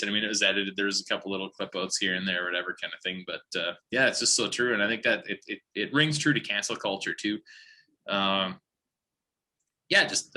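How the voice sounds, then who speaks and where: A young man from Saskatchewan, chatting casually as a podcast guest and telling rambling, animated stories. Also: fairly low pitch. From Saskatchewan, Canada. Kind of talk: casual chat.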